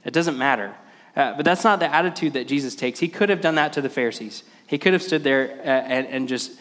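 Quick and fairly bright, with a voice on the high side, a pastor in his thirties delivers his sermon hesitantly, stumbling through "uh" fillers and starting over often. A large hall lends it long reverb.

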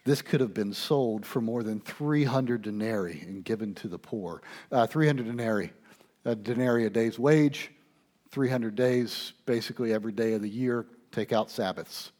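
A male pastor preaching a sermon, asking his listeners questions and swinging between hushed asides and loud emphasis. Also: on the low side, normal speed. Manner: conversational, asks the congregation questions.

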